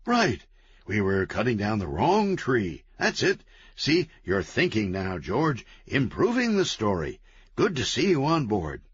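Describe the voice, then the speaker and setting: A man's voice: lowish voice, huge pitch swings, husky, no room sound, exaggerated voice. A man voicing a manic, chatty, cheerful antihero man who talks gleefully and wheedles. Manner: gleeful, fast-talking, wheedling. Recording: dull, lo-fi, dry.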